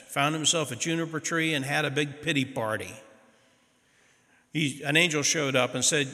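A man's voice: fairly high pitch, normal speed, pushed and bright, big-room sound. A man preaching a sermon, retelling a story in a folksy, dramatic way.

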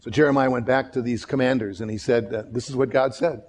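A man's voice: mid-range voice, fast talker. A man preaching a sermon as pastor, telling stories and acting out the people he quotes, often restarting and repeating words. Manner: animated storytelling, acts out quoted voices.

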